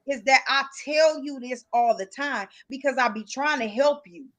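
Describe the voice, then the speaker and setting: A woman's voice: high-pitched, moderate pace, a crowd in the background, low-quality recording. A woman hosting a live podcast, talking in a blunt, emphatic way and repeating herself to hold the floor. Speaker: podcast host. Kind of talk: heated casual talk on a live call-in podcast.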